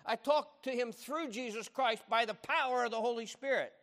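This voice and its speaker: Preacher with a drawl in a reverberant hall. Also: male voice, moderate pace. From United States. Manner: dynamic, swinging from loud and animated to hushed and low. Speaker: pastor. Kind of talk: sermon.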